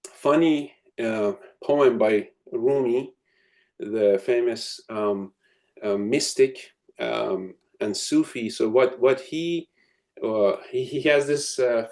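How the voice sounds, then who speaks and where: A man's voice: mid-range voice, a little mellow. A man giving a reflective advice talk to students, full of ums and restarts. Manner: thoughtful, many ums and restarts. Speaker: academic speaking to students. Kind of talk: advice lecture with storytelling.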